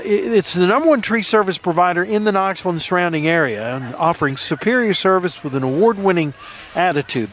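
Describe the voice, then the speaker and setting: An easygoing man with a fairly high voice calls a night parade live. He reads sponsor ads in a folksy way, with small stumbles and laughs. Faint vehicle noise sits behind him. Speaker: parade commentator. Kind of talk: live event commentary, reading sponsor blurbs. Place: outdoors at a street parade at night.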